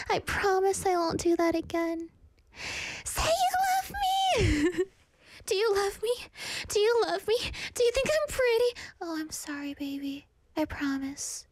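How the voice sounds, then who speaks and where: A clingy, toxic young girlfriend, as a woman puts her on, begging in a breathy, high voice. Her pleas lurch into shrill screams. The sound is close and dry. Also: no room sound, full character voice. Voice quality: breathy pleading, sudden shrieks.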